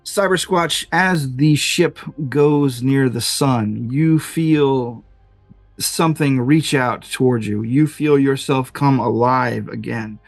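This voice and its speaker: A man's voice: medium pitch, slow pace, gravelly, no echo, soft background music. A man running a tabletop game as game master, narrating in a rambling way with many ums and uhs.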